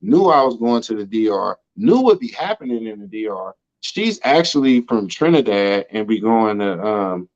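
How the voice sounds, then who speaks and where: A man's voice: on the low side, big pitch swings, moderate pace, few pauses, darkish tone, lo-fi sound. An American man casually telling stories in an interview, loose and slangy, always checking in with "you know what I'm saying.". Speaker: interview guest. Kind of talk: casual storytelling chat.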